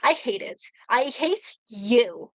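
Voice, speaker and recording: A woman's voice: a little high, big pitch swings, takes it slowly, fairly bright tone, dry recording, exaggerated voice, rough recording. A woman voicing a cruel robot villain. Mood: cold hateful. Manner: snarling, barked commands. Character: cruel male robot villain, hateful and violent. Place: bedroom at home.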